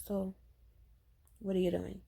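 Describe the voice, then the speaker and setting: A young woman telling a story to her viewers in a relaxed, unhurried way. Her voice is mellow and a little dark. She acts out the lines other people said in a chatty, lively way. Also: medium pitch, creaky, breathy edge. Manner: chatty, animated retelling with acted-out quotes. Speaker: vlogger. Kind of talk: casual storytime.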